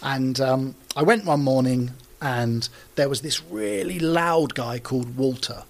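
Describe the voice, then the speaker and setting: A gravelly, mid-range voice at a measured pace belongs to a TV presenter in his thirties appearing as an interview guest. He chats and tells anecdotes casually, using plenty of fillers.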